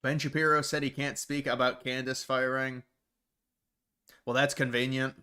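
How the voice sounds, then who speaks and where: A man's voice: mid-range voice, level tone, normal speed, bright, forceful tone, clean tone. A man from Ohio hosting a casual livestream, rambling bluntly through viewer questions with frequent restarts. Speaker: livestream host.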